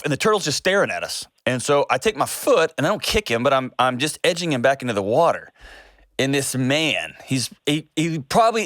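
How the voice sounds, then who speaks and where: A man's voice: mid-range voice, no echo, clean studio sound. Folksy man hosting a call-in show. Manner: folksy storyteller, animated. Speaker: host. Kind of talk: casual call-in advice talk.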